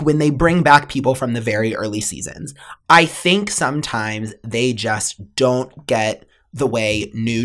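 A young woman co-hosting a podcast, chatting casually with lots of laughs and fillers. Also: a bass voice. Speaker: podcast co-host. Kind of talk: casual chat.

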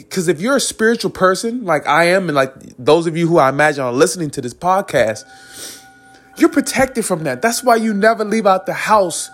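A man hosting a podcast, giving a rambling, earnest spiritual monologue and chuckling between phrases. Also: sits high. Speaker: podcast host.

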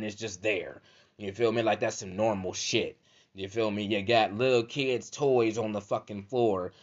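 A man delivering a profane comedic rant as a podcast host, repeating "you feel me" constantly. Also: lowish voice. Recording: dull lo-fi audio.

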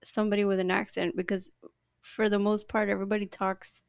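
A tired woman, chatting as a podcast co-host in short, sleepy replies. Her voice is gravelly and sits at a middle pitch. It is recorded close and dry. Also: level tone, brisk, dry recording. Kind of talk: casual chat.

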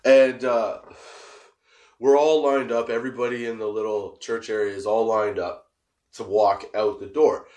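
A man's voice: lowish voice, fairly even intonation, normal speed, a little mellow. A man in his forties telling a comic personal story, laughing often and swearing between rambling asides.

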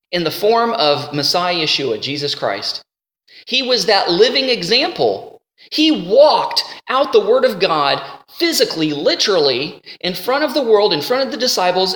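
A man teaching a sermon in a conversational, animated way, slowing down to read scripture. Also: high voice. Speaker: Bible teacher. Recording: roomy hall with long reverb.

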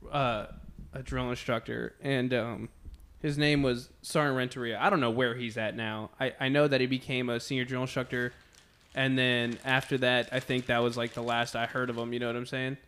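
A young man from Texas, hosting a podcast and telling stories in a relaxed, rambling way. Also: medium pitch, moderate pace, smooth. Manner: relaxed, rambling, fillers like "you know what I'm saying". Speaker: podcast host. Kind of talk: casual storytelling chat.

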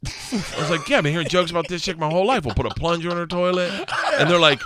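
A middle-aged man telling a comic story on a podcast, loud and laughing, acting out the voices of the people in it. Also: a little high, lively intonation, fast talker, a little hiss or hum. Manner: loud, laughing, acts out voices in his stories. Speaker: stand-up comedian guest.

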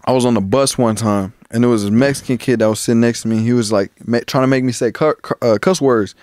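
A man's voice: medium pitch, fast talker, a little mellow, no echo, clean studio sound. Young man telling rambling profane stories. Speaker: podcast co-host. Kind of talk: casual chat.

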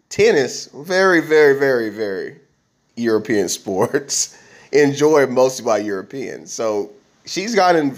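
Rambling man podcasting solo. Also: medium pitch. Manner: rambling, conversational, with many restarts and fillers. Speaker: podcast host. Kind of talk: casual monologue.

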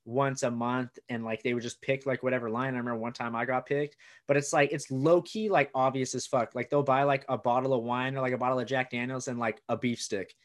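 A man's voice: mid-range voice, steady tone, a little fast, few pauses. A young man, a comedian, telling stories casually on a podcast, rambling with many "like"s and acted-out quotes. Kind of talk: casual chat.

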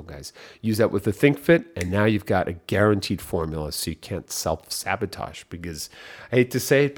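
A man's voice: sits low, breathy edge. A man hosting a podcast, giving an upbeat motivational coaching talk and repeating his key phrases. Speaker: podcast host.

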